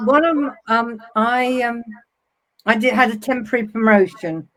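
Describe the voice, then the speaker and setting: A woman's voice: fairly high pitch, moderate pace, fairly bright tone. A middle-aged woman in casual conversation, reminiscing and telling anecdotes with a laugh. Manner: chatty, reminiscing, laughs at own stories. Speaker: web TV host.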